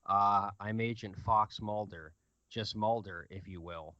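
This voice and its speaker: A baffled male federal agent who stammers and trails off, as a man reads him in his own bright voice. The recording is dry and lo-fi. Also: lowish voice, measured pace, a little hiss or hum. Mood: confused. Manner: hesitant, stammering.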